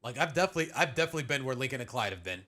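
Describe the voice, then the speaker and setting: Young man, lively rambling streamer. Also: medium pitch, very fast. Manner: rambling, with frequent restarts and slang. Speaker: streamer reacting to a video. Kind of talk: casual live-stream chat.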